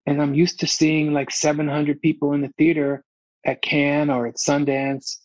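A man's voice: fairly high pitch, completely flat delivery, normal speed, dry recording, muffled recording. A man, a film director, talking frankly and emotionally as an interview guest, often restarting and repeating himself. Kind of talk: candid casual interview talk.

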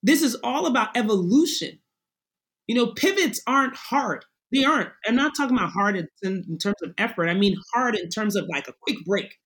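Animated, emphatic woman in her forties. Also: a little high, a little fast, slightly rough, poor audio. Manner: animated and emphatic, acts out quoted voices. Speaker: guest. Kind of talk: conversational interview.

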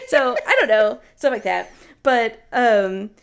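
A chatty woman in her thirties, co-hosting a relaxed conversation. Her voice sits a little high, and she talks animatedly, laughing often as she tells everyday stories. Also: slow pace, gravelly, crowd noise. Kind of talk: casual chat.

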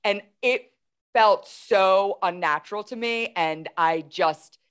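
A woman's voice: medium pitch, takes it slowly, fairly bright tone, smooth. A woman in her forties, a guest telling a story in casual talk, animatedly retelling events with quoted dialogue. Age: 40s.

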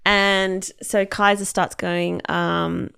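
A woman with a fairly low, slow, smooth voice and some vocal fry co-hosts a podcast. In casual chat she retells a story, acting out the quotes with animation and laughing often.

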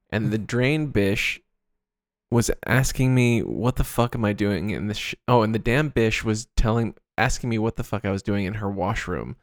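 A man co-hosting a casual podcast, reading a story aloud in a deadpan way. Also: on the low side, no room sound, studio quality. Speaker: podcast co-host.

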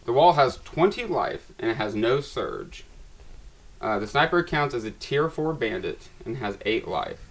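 A man's voice: mid-range voice, lively intonation, unhurried. A man reads the story text of a tabletop game aloud to friends around the table. His narration turns dramatic at the tense moments. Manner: dramatic narration, laughs at himself.

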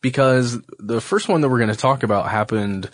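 A man's voice: mid-range voice, normal speed, dry recording, clean studio sound. A man co-hosting a podcast, explaining a case in casual chat with joking asides. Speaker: podcast co-host.

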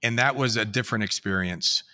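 A middle-aged man speaks as a podcast guest, gentle and measured, with halting pauses. His voice sits a bit low but sounds bright and forward. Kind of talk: conversational podcast talk.

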